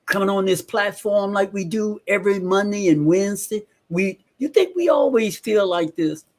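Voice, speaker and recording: A man's voice: high voice, moderate pace, a little mellow. A man co-hosting a motivational talk show, preaching to listeners and repeating lines for emphasis. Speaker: podcast co-host.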